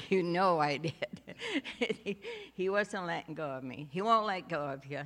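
A woman gives her faith testimony, telling her story slowly and taking her time. She talks in a homey, unhurried way, with light laughs and asides mixed in. Her voice rings out with a long reverb, as in a large hall. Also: lowish voice, animated, fairly bright tone. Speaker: church speaker giving a testimony.

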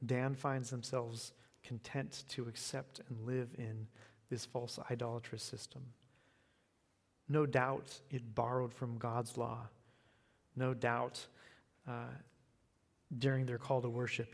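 An American man giving an evening sermon and closing prayer, in an unhurried, earnest way that often repeats words. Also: mid-range voice, little pitch movement, creaky. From United States. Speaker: preacher. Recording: long reverb of a hall.

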